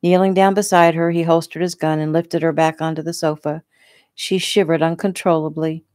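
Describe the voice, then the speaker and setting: A woman author casually reading her own novel aloud at home in a relaxed, conversational way. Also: sits low, moderate pace, no room sound, studio quality. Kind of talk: casual audiobook narration. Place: home room.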